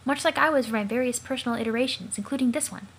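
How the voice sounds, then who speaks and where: A woman voicing a calm, knowing young woman who patiently explains, for a let's play of a comic. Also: a little high, rapid-fire, breathy edge, rough recording.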